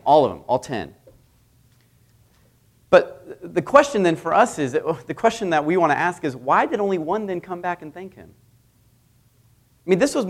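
A man in his thirties delivering a sermon as a visiting preacher, telling stories in a conversational way with lively dramatic swings. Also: on the high side.

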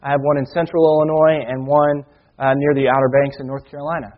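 A man preaching a sermon as pastor, earnest, slowing down for emphasis and reading Scripture with rising force. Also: fairly high pitch, flat delivery. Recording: dull lo-fi sound.

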